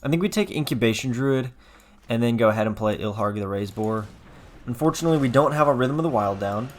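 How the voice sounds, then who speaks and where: A young man talks through a card game in casual commentary, mulling his plays out loud. He restarts and corrects himself as he goes, and stays wry when a game turns against him. His voice sits at an ordinary middle pitch. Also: lively intonation, quick pace, a little hiss or hum. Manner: thinks aloud, self-correcting, wry. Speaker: gameplay commentator.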